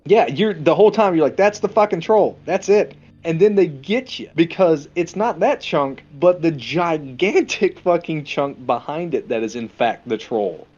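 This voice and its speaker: A man co-hosting a casual movie review podcast, retelling scenes in a crude, jokey, animated way. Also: on the high side, normal speed, few pauses, lo-fi sound. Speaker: podcast co-host.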